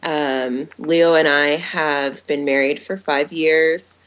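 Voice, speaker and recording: Low-voiced woman from South Florida. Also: steady tone, slow pace, a bit bright, clear, resonant tone, highs cut off. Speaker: guest, business co-owner. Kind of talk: casual interview chat.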